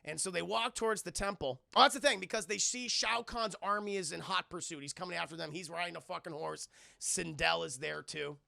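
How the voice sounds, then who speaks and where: A man streaming a live film review, recapping scenes sarcastically for his chat with swearing and quick mock impressions of the characters. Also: high voice, gravelly, no echo. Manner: sarcastic, animated retelling with profanity.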